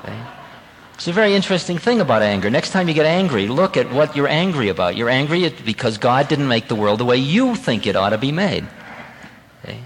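A man giving a spiritual talk, telling a personal story in a lively, conversational way and laughing at himself now and then. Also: medium pitch, brisk, long reverb tail, low-quality recording. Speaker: spiritual teacher.

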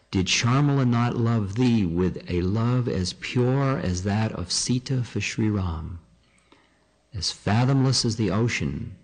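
A man's voice: fairly low pitch, darkish tone, voice pushed up, exaggerated voice, rough recording. A man reading aloud as a devoted young married woman, in fervent, old-fashioned declamation.

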